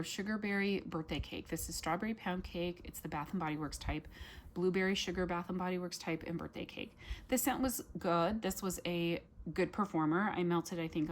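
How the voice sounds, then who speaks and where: A woman vlogger chatting casually through a product review, full of ums and likes and quick self-corrections. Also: on the low side, a little hiss or hum.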